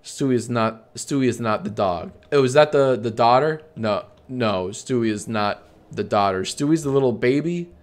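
A man's voice: medium pitch, moderate pace. Male streamer with a mid-range voice doing a dry, sarcastic comedy bit with himself. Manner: deadpan sarcastic banter, frequent swearing.

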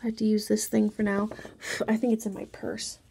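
A woman casually talking viewers through a drawing tutorial, chatty and softly spoken, with rambling asides. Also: medium pitch, monotone, normal speed, gravelly, slightly rough. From Mexican background.

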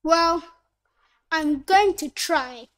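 A woman voicing a young holiday traveller in a scripted textbook dialogue, slow and careful, played back from a lesson video. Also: very high-pitched, a bit bright, heavily acted. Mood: cheerful.

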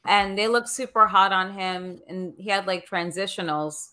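A woman's voice: medium pitch, steady tone, moderate pace, bright, forceful tone. A woman guest in casual podcast chat, blunt and profane, talking with lots of fillers over a video call.

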